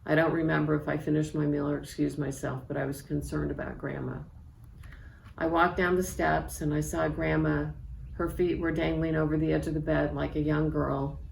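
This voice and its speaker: A woman in her sixties, an author reading aloud from her memoir in a measured, reflective way. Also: low-pitched, flat delivery, gravelly, darkish tone. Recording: echoey room with faint background noise.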